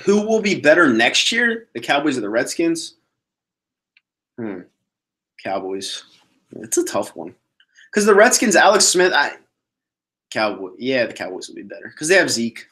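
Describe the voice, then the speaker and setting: A man's voice: mid-range voice, normal speed, long pauses. A man hosting a casual solo sports podcast, talking bluntly and swearing as he answers viewer questions. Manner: blunt, profane, animated ranting.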